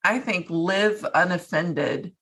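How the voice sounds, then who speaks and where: A woman's voice: lowish voice, slow pace, a bit bright, husky. A woman co-hosting a faith talk show, speaking with emphatic enthusiasm. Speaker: podcast co-host. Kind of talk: casual faith conversation.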